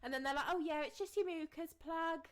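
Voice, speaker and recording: A woman co-hosting a casual podcast chat, animated and laughing, chipping in with tips and casual swearing. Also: very high voice, a little fast. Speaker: podcast co-host.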